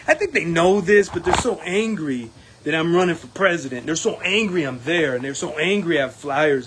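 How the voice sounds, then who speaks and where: A man's voice: a little high, fairly bright tone, slight background noise, rough recording. A man, a union steward running for local president, recapping an event in a casual talking-to-camera monologue, emphatic and defiant, with many fillers and restarts.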